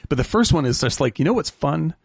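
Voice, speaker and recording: A man co-hosting a casual film-review podcast, animated and quick to laugh, often restarting his sentences. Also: on the high side, gravelly, breathy edge, no echo, studio quality.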